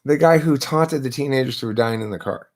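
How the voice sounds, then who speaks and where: A man with a mid-range, slightly mellow voice talks a little fast as he hosts a live stream into his laptop. He lectures through a casual philosophical debate, pressing his points and throwing rhetorical questions at himself.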